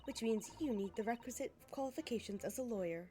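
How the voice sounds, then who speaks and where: A woman voicing a polite, composed young female assistant in a video game, speaking in a measured way. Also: a little high, lively intonation, warm tone, faint music behind, lightly acted.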